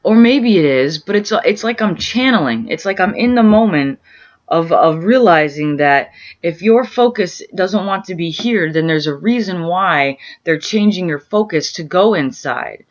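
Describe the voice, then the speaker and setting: With a fairly low, expressive voice at a measured pace, a woman shares spiritual experiences as a vlogger from home. Her rambling, earnest musing is full of fillers and restarts as she searches for words, captured in muffled lo-fi audio.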